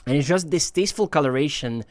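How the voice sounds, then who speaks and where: A man's voice: fairly high pitch, expressive, fast, dry recording. A man hosting his own channel, giving a casual and enthusiastic spoken review with frequent hesitations and fillers. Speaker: headphone reviewer, channel host. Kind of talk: casual product review talk.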